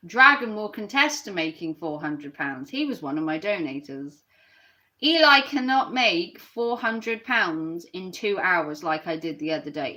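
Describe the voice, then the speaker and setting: A woman's voice: on the low side, pushed and bright. A woman ranting on a live stream and reacting to her chat, sarcastic and mocking.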